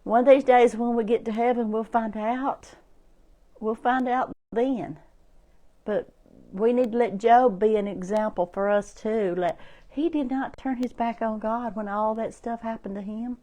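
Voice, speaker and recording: A woman's voice: on the high side, fairly even intonation, unhurried, mellow. A woman giving an informal sermon, repeating herself and building to emphatic, rising preaching.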